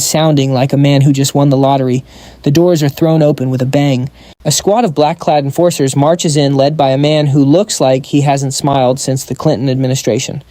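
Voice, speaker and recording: A man's voice: medium pitch, warm tone, dry recording. A man narrating a comic story recap in a scripted style, dropping wry joking asides.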